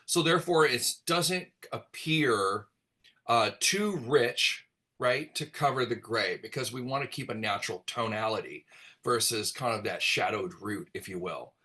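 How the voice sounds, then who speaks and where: A middle-aged man, a hair colorist, explaining color formulas in a relaxed, rambling way with many fillers during a virtual class. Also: medium pitch, measured pace.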